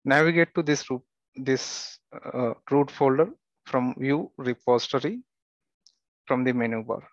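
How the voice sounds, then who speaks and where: Man giving a plain step-by-step software walkthrough. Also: medium pitch, unhurried, dry recording, lo-fi sound. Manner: steady step-by-step instructions with occasional fillers and restarts. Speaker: software tutorial instructor. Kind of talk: screen-recorded software tutorial.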